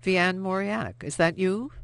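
An audiobook narrator voicing an elderly mother superior, calm and kindly, gentle and measured. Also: mid-range voice, vocal fry, voice pushed up.

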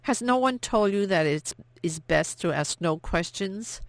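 A man's voice: high-pitched, expressive, a little slow, dry recording, voice pushed up. A narrator voicing a cold, menacing male secret police officer who interrogates in clipped, raised tones.

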